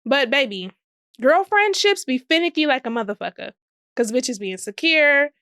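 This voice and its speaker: A woman's voice: high-pitched, expressive, moderate pace, sharp tone, smooth. A young woman talks through her solo podcast, sassy and profane and laughing often. The sound is dry and close, with almost no room echo. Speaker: podcast host. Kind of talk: casual solo podcast monologue.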